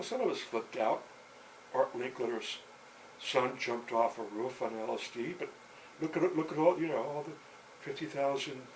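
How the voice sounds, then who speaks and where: An older man telling a long story out loud, halting, with many fillers and restarts. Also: mid-range voice, a little hiss or hum, low-quality recording. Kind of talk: rambling spoken storytelling.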